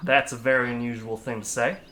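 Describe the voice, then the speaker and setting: A man's voice: medium pitch, steady tone, fairly quick, bright, forceful tone, slight background noise, close to an everyday voice. A man voicing a tall, imposing lizardfolk man who speaks politely and formally. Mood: courteous.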